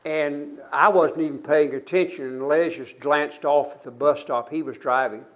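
A man in his seventies preaching a sermon to his congregation, earnest and halting, often restarting his words. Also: on the high side, fairly even intonation. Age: 70s.

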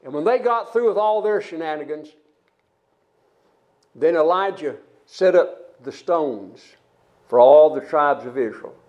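A man's voice: on the high side, lively intonation, unhurried, pauses often, darkish tone, highs cut off. An older man preaching a sermon, retelling Bible stories in a folksy way with frequent restarts.

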